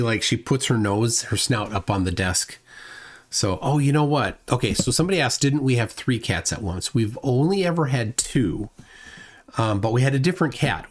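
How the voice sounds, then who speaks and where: A middle-aged man hosting a casual livestream, reading chat comments aloud and rambling with frequent restarts. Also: mid-range voice. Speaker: livestream host.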